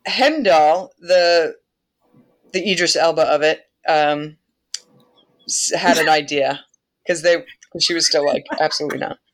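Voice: mid-range voice, slow, pauses often. Laughing, irreverent myth-telling host. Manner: laughs often, irreverent, swears. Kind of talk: casual myth retelling.

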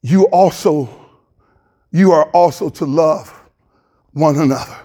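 A man's voice: a little high, takes it slowly, dark tone. A male pastor, preaching a passionate sermon in a church, hollering with plain colloquial speech.

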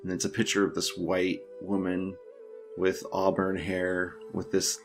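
A man's voice: low voice, completely flat delivery, measured pace, faint music behind. A man hosting a podcast, casually reading forum posts aloud with crude jokes and frequent laughter. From United States. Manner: crude, joking, laughs often. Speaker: podcast host.

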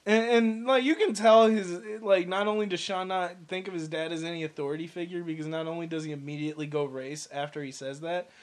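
A man with a noticeably high voice talks through a movie in loose, casual podcast chat. He swears freely, throws in quick jokes and laughs often. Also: fairly even intonation. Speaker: podcast co-host.

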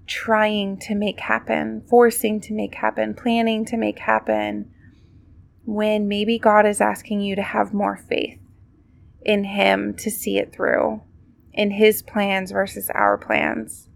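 A woman's voice: mid-range voice, creaky, dry recording. A woman hosting a podcast, giving a casual devotional talk in a reflective, conversational way with many fillers. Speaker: podcast host.

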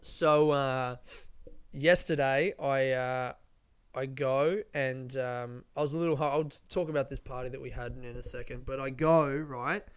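Smooth-voiced guy, sweary rambler. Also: mid-range voice, fairly even intonation, moderate pace. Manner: rambling, sweary, self-mocking. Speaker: vlogger. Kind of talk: casual storytelling monologue.

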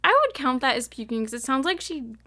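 A woman's voice: high voice, fast talker, sharp tone. A young woman co-hosting a casual book-club podcast, chatty and giggly, reading passages aloud. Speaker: podcast co-host.

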